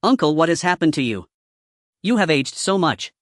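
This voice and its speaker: A man's voice: on the high side, very animated, normal speed, no echo, clean studio sound. A man voicing an earnest young male cultivator hero who speaks gratefully to his elder.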